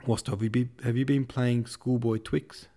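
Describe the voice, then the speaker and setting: A man voicing a hot-tempered male hussar officer who lisps, blusters and curses as he shouts. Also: medium pitch, little pitch movement, moderate pace, voice pushed up, natural voice. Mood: furious. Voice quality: lisping.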